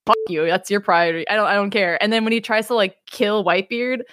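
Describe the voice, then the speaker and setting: A woman hosting a casual podcast chat, animated and swearing freely, acting out quotes as she talks. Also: mid-range voice, fast talker, no room sound, clean studio sound. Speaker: podcast host.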